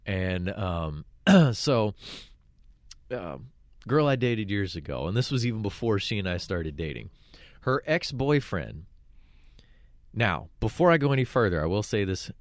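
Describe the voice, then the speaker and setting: A man's voice: fairly low pitch, a little slow, no echo, clean studio sound. A man from Virginia, co-hosting a radio show, telling a story in casual chat and acting out the people in it. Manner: animated, acts out the people in his stories.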